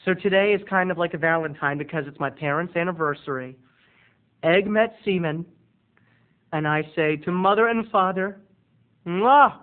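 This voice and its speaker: A camp, excitable man rambling through a funny family story to his webcam. His voice sits on the high side for a man and comes through thin and boxy, like a phone line. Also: moderate pace. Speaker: video blogger. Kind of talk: comic storytelling to camera.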